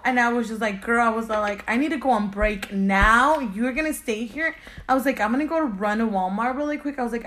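Young podcast co-host, high-ish voice, candid storyteller. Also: female voice, fairly quick. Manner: animated storytelling, acting out quoted lines, laughing; quieter and subdued when recounting the loss. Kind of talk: casual chat, telling a personal story.

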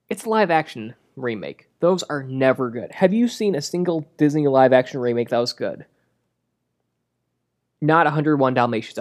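A movie reviewer delivering a comedic rant in a sarcastic, crude and exasperated way. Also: mid-range voice.

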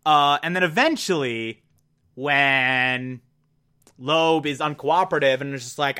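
A man's voice: fairly high pitch, measured pace, bright, forceful tone, clear, resonant tone. A man casually recapping a TV episode, enthusiastic and rambling, laughing at himself. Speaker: TV episode reviewer. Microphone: desk mic.

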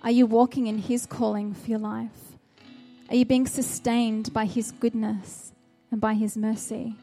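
A woman's voice: a little high, flat delivery, a little slow, mellow, faint music behind. A woman preaching a sermon, earnest and exhorting, with a run of searching rhetorical questions.

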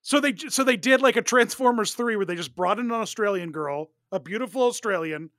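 A man's voice: sits high, animated, a little fast, a bit bright, no room sound, studio quality. A man co-hosting a podcast, chatting loosely and jokingly about a film. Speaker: podcast co-host. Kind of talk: casual film discussion.

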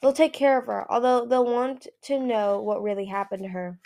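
A woman's voice: fairly high pitch, steady tone, normal speed, vocal fry, mellow. A woman reading aloud who voices a chatty, skeptical female dragon doctor.

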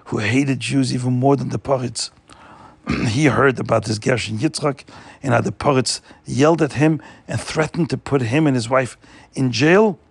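Gravelly husky guy telling a story, animated and emphatic, dry close sound. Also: medium pitch, normal speed, no room sound. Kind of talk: oral storytelling.

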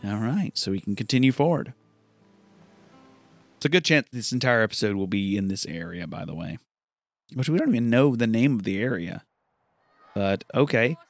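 A man's voice: lowish voice, lively intonation, normal speed, pauses often, no echo, faint music behind. A man casually talking through a video game, chatty and enthusiastic as he retells what the characters say. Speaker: gameplay commentator. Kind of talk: casual let's-play commentary.

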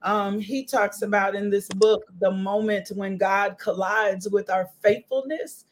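A woman's voice: medium pitch, fairly even intonation, a little slow, a little hiss or hum. A woman hosting a faith conversation, talking emphatically and repeating phrases like a preacher. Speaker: host and ministry leader. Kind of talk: casual faith podcast conversation.

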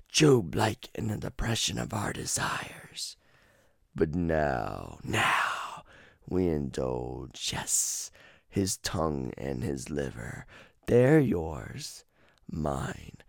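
Two soft-spoken male killers from a horror game, put on by a man. They drag each word out slowly and drop into breathy, raspy whispers, with a deep menace that never rises above a murmur. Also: sing-song, no room sound, clean studio sound, full character voice. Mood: quiet menace. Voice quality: one raspier voice. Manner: slow, hushed, half-whispered menace. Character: calm brutal adult male twin killers.

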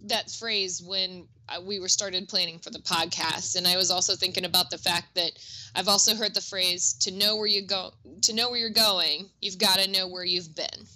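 A woman's voice: lowish voice, steady tone, normal speed, pushed and bright, poor audio. A middle-aged woman co-hosting a music teaching podcast, chatty and upbeat with self-deprecating asides. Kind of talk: casual educational podcast chat.

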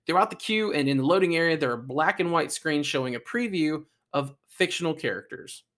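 A man with a fairly high voice co-hosts a relaxed podcast. He reads out facts, then drifts into jokes and small asides. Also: fairly quick. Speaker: podcast co-host. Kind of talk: casual chat.

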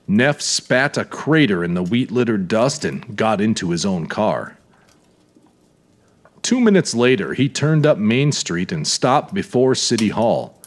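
A man narrating a hardboiled story in a measured, deliberate audiobook reading. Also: on the low side.

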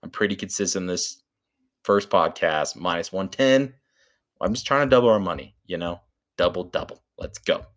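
A man co-hosting a podcast, brashly pitching sports bets in casual, swearing chat. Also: moderate pace, a bit bright. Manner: brash, swearing, calls his co-host baby. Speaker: podcast co-host.

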